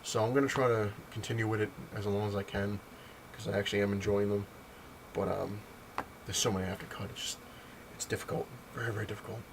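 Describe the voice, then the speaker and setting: Man, low voice, rambling casual comic review with a lot of fillers; faint hiss in the recording. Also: steady tone, fast talker. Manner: rambling, lots of fillers and retold dialogue. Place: home, on a couch.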